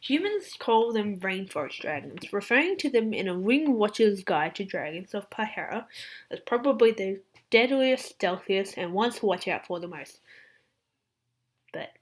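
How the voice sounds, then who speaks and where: A woman with an Australian accent casually reading out facts in a chatty, excitable way, sometimes dropping into whispered asides. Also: mid-range voice, normal speed. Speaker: fan channel host. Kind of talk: casual fact-reading vlog.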